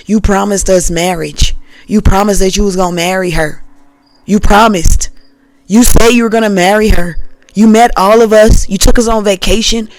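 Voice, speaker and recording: A woman acting out upset family elders who scold a relative over a broken marriage promise, in loud, accusing, repeated questions. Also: on the high side, dry recording, pitched above the performer's own voice, close to an everyday voice, poor audio.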